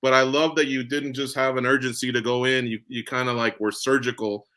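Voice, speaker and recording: A man's voice: medium pitch, level tone, fairly quick, sharp tone. A man hosting a casual video-call interview, friendly and chatty, with a joking tone. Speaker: interview host.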